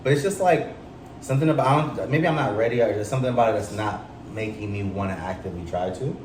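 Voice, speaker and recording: A man's voice: mid-range voice, fast talker. A young adult man co-hosting a podcast in slangy, joking, casual chat. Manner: slangy, joking, animated banter. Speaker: podcast co-host. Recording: roomy, distant mic, light noise.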